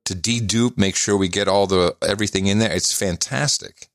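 Animated man hosting a casual chat. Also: normal speed, dry recording, studio quality. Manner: animated, laughs often, jumps to high excited pitch. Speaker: podcast host.

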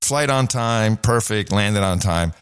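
A man's voice: lowish voice, slow, clear, resonant tone, dry recording, studio quality. A man co-hosting a casual talk show, laughing often and telling stories. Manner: laughs often, animated storytelling. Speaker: podcast co-host. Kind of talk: casual chat.

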